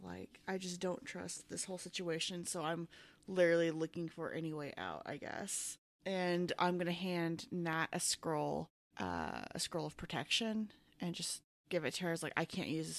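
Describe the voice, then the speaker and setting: A woman's voice: fairly low pitch, vocal fry, no echo. A woman playing a tabletop game, sighing and thinking aloud uneasily about her next move. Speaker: player.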